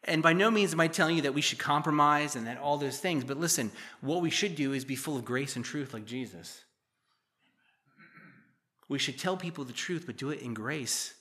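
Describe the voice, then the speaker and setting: Male pastor, middle-aged, bright forceful voice, slightly high for a man; reads scripture, then chats through it with wry asides. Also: moderate pace. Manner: conversational, joking asides between read verses. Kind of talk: sermon reading and explaining scripture.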